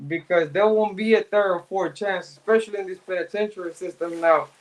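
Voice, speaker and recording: A middle-aged man with a notably high voice hosts a relaxed live show. He talks in loose street slang and greets viewers by name. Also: a little fast. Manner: laid-back street slang, shout-outs to viewers. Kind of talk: casual chat, reading out viewer comments.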